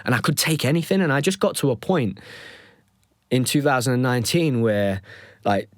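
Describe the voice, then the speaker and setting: A man in his thirties telling a personal story as a podcast host, reflective and emotional, often pausing and restarting his sentences. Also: lowish voice, no room sound, studio quality. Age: 30s.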